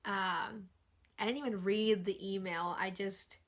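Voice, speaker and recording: A young woman vlogger recounts a personal story straight to camera in a casual, chatty way. She leans on "like" as a filler constantly. Her voice sits at an ordinary middle pitch for a woman. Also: fairly even intonation, a little slow, a bit bright. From California.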